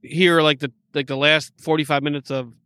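Man, slightly high voice, dry, halting co-host who laughs easily. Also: level tone, pushed and bright, clean tone, no echo. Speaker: podcast co-host. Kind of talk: casual chat.

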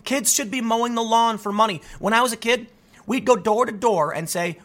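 A young adult American man hosting his channel rants in solo commentary, lively and restless, often starting sentences anew. His voice is very high and his delivery brisk.

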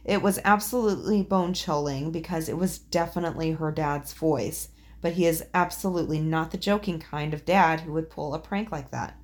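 A woman's voice: deep voice, moderate pace. A woman co-hosting a podcast, reading listener ghost stories aloud and chatting casually, with occasional swearing. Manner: swears casually, laughs often.

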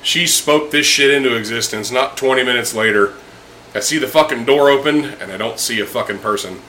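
A man telling a long, profane story to friends over drinks, animated and quick to laugh. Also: mid-range voice, slight background noise, low-quality recording. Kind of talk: casual chat over drinks. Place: indoors with friends.

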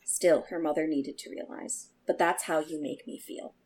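A woman with a fairly low, breathy voice reads a novel aloud for a book podcast. Her delivery is soft and quiet. She reads the dialogue with feeling but keeps her volume down. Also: steady tone, normal speed, rough recording. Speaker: podcast co-host. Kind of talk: reading a novel aloud, then discussing.

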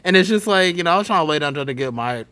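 A man's voice: a little high, expressive, racing, bright, forceful tone, no echo. Young male podcast host, easygoing slang-heavy chatter, lots of fillers. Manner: laid-back slangy storytelling, many fillers. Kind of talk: casual chat.

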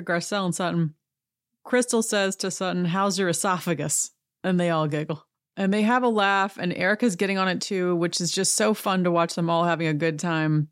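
A middle-aged woman hosts a reality-show recap podcast in a casual monologue, chatty and sarcastic, acting out quotes in bigger voices. Her voice is fairly low, and the sound is clean studio audio with no room sound.

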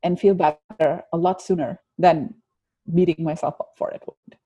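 A woman's voice: low-pitched, steady tone, normal speed, warm tone, husky, dry recording, dull audio. A woman guest telling a personal story in an interview, earnest and reflective, with frequent restarts.

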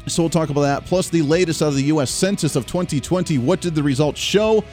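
A man's voice: fairly high pitch, quick pace, a little mellow, faint music behind. A man hosting a radio talk show, giving political commentary in a chatty, wry way. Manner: chatty, wry, frequent restarts.

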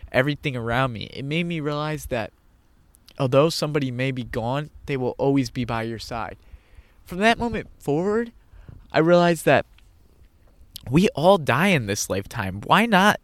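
A man's voice: medium pitch, no room sound. A man telling a personal story in an earnest way, repeating phrases for emphasis. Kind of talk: personal monologue.

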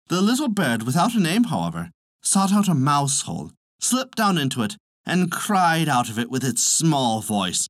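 A man telling a folk tale in an expressive, animated manner. His pitch swings very widely from line to line, and the recording is dry and close with no room sound. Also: moderate pace, dry recording. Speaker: storyteller.

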